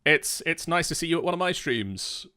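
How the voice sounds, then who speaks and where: Man, stream host, animated, bright tone, expressive pitch. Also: normal speed, smooth, no room sound, studio quality. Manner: animated, chatty, self-mocking. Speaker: host and dungeon master. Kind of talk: casual stream chat.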